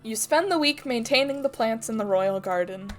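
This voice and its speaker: A woman's voice: on the high side, lively intonation, moderate pace, faint music behind. A woman reading game prompts in casual tabletop chat, with a dry delivery.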